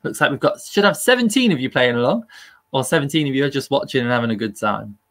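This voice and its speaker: A man's voice: medium pitch, lively intonation, fast talker, a bit bright. A man hosting a live-streamed quiz, upbeat and chatty and laughing at himself. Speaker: quiz host.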